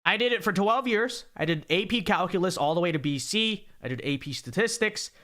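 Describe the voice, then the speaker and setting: A man in his twenties chats on a livestream in a casual, sarcastic, rambling way, reading donations aloud and repeatedly saying okay. His voice is high-pitched, brisk and animated.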